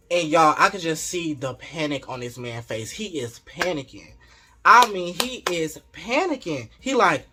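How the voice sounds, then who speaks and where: Animated man with a bright voice. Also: high-pitched, normal speed, soft background music. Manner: animated, slangy, laughing. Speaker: vlogger. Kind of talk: casual storytelling.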